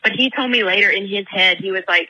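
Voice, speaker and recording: Young woman caller, very bright husky voice, chatty storyteller full of fillers. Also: medium pitch, fast, rough recording. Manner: chatty, filler-heavy, animated retelling.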